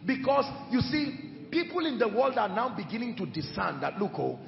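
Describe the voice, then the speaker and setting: A man preaching a sermon with emphatic delivery, moving between shouted lines and hushed ones. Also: high-pitched, very animated, normal speed, gravelly, highs cut off. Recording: echoey hall with music behind.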